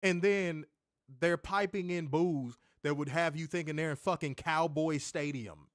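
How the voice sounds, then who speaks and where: A man's voice: on the high side, a little slow, no echo, clean studio sound. A man reviewing a wrestling show in casual chat, ranting animatedly and swearing often.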